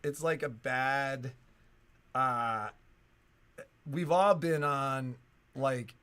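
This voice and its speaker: A man in his forties co-hosting a shop livestream, telling rambling, animated stories in casual chat. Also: mid-range voice, drawn-out words, clear, resonant tone. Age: 40s. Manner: rambling, animated storytelling with acted-out voices. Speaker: shop co-host.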